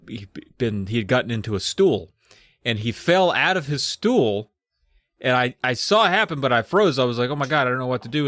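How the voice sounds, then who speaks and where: A man's voice: mid-range voice, a bit bright, no echo, studio quality. A man who is a stand-up comedian, co-hosting a podcast, recapping a book and telling stories in a rambling, profane, laid-back way. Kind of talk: casual chat recapping a book.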